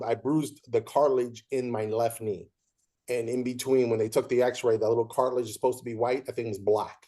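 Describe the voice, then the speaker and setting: A man hosting a casual chat, an umpire telling lively stories and acting out what others said. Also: medium pitch, fairly quick. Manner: animated storyteller who acts out quoted voices. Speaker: podcast host.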